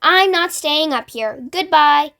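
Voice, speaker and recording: A woman voicing a nervous, sharp-tongued centipede in a storybook reading. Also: high voice, expressive, slow, heavily acted. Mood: huffy. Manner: sharp, wary.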